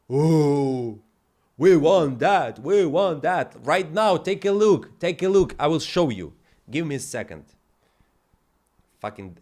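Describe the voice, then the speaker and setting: A man hosting a live stream, ranting off the cuff in an emphatic, profane way with non-native grammar. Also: mid-range voice. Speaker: livestream host. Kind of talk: heated off-the-cuff rant.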